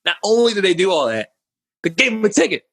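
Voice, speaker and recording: A man's voice: high-pitched, quick pace. A young man from Minnesota telling stories on a video call, laughing and acting out the voices of the people in them. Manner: animated, laughing, acts out voices in his stories. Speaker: podcast guest. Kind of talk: casual storytelling on a video call.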